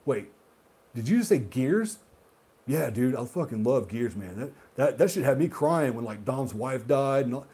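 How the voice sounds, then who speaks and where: Husky man ranting with big pitch swings. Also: animated, normal speed. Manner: heated, profane ranting; swings between loud outbursts and muttered asides. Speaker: gaming video host. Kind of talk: solo rant monologue.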